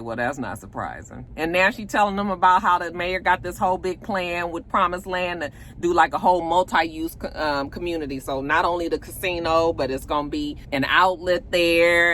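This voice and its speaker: A woman from Georgia, casually recapping a TV episode and acting out the characters' lines in quick voices. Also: lowish voice, fairly bright tone, a little hiss or hum. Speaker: TV recap vlogger.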